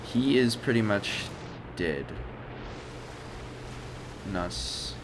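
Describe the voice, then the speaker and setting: Gravelly and on the low side, a young man's animated voice draws out words as he comments on his flight game footage. As a gaming channel host, he rambles hesitantly with many fillers, while game noise plays behind him.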